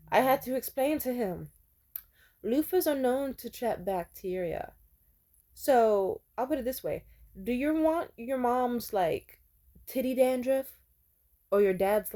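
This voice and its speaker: A young woman vlogger tells frank, profane stories to the camera in a candid monologue, slipping into mocking voices whenever she quotes people. Her voice is medium-pitched and mellow.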